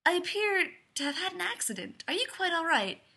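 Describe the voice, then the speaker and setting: A woman's voice: on the high side, big pitch swings, moderate pace, sharp tone, breathy edge, exaggerated voice. A woman voicing a cheerful, earnest young man from a fairy tale who talks in a polite, old-fashioned, chatty way.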